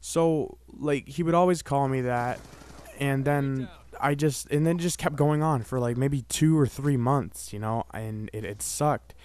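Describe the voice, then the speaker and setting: A young vlogger speaks directly to his viewers, telling a story in a loose, rambling manner and leaning heavily on "like" and "you know." His everyday mid-pitched voice is smooth and darkish, measured in pace, and casual and chatty throughout.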